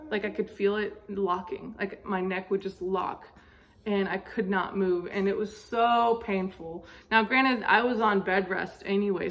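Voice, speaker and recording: A young woman vlogger casually telling a personal story, chatty with lots of fillers. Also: medium pitch. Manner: chatty, many fillers, laughs while telling.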